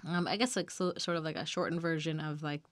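A woman with a low-pitched, steady voice talks fast as she hosts a casual lyrics breakdown, giggling often and dropping filler ums. There's no room sound.

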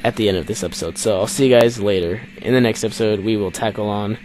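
A man hosting a let's play, cursing and exasperated as he comments on his game, jumping between loud outbursts and low mutters. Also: steady tone, fast talker, slight background noise. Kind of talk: gameplay commentary.

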